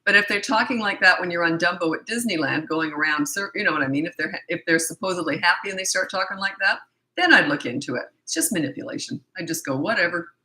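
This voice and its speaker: A middle-aged woman answers parenting questions in a blunt, matter-of-fact way. Her voice sits on the low side but comes out bright and forceful. Her throat is a little scratchy. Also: expressive, fast. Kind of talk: casual Q&A advice.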